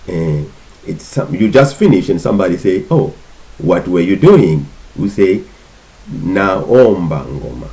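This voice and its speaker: A man giving an informal language lesson, patiently repeating words in slow drills. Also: deep voice, mellow, low-quality recording. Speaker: language teacher.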